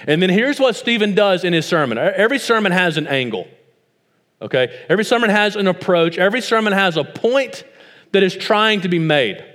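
A man's voice: sits high, animated, a little fast, a bit bright, big-room sound. A man in his thirties with a West Tennessee accent, preaching a sermon with stories and rhetorical questions that build to emphatic points. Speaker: pastor.

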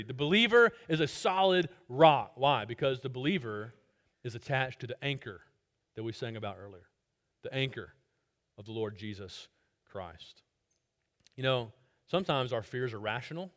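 Emphatic man preaching a sermon. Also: high voice. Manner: emphatic, repeats key phrases, swings between loud stress and soft drop. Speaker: pastor. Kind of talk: expository sermon.

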